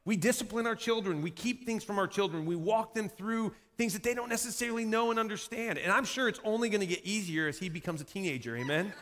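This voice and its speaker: A man in his thirties preaching a sermon as pastor, shifting from lively delivery to quiet, intense passages. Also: high-pitched, fast, hardly any pauses. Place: church sanctuary. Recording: long hall reverb.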